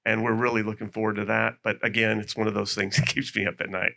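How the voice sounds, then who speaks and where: A man speaking on a panel as an airport official, halting and stammering. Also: on the low side, level tone, creaky, pushed and bright. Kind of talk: panel discussion.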